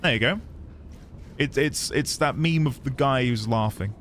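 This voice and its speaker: A man streaming a video game live, chatting casually with his viewers, animated and quick to laugh at himself. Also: mid-range voice, slight background noise. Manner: animated, laughs often, self-deprecating asides to chat. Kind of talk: casual live gaming commentary.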